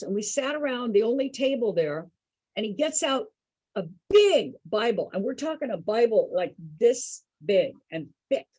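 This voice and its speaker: A woman with a husky voice telling a casual story to an online group over a video call, chatty and calling her listeners folks. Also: on the high side, no echo, low-quality recording. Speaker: storyteller host.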